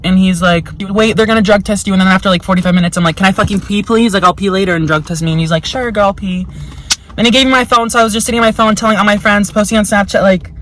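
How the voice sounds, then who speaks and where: A young woman vlogger tells a story casually at a quick pace, her medium-pitched voice steady in tone and a bit bright. Chatty and frank, she curses a lot, fills gaps with "like", and mimics people she quotes. The recording is poor, with a little hiss or hum.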